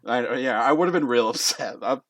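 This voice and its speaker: A man's voice: medium pitch, fairly quick, fairly bright tone, dry recording. A man running a tabletop game as game master, telling the scene in a loose way full of fillers. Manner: loose, filler-heavy storytelling.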